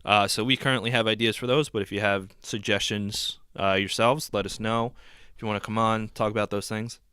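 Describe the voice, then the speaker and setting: A man's voice: fairly low pitch, fairly quick, clear, resonant tone, dry recording, studio quality. A man co-hosting a podcast, chatting casually with lots of fillers. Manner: relaxed, filler-heavy. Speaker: podcast co-host. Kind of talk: casual chat.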